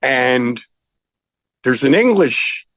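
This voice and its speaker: A middle-aged man with a medium-pitched voice tells rock-and-roll stories in a relaxed interview. He is animated and chuckles as he goes. The sound is close and dry, with no room around it. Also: very slow, dry recording, poor audio. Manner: animated, laughs while telling anecdotes. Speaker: rock singer, guest. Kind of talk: casual storytelling interview.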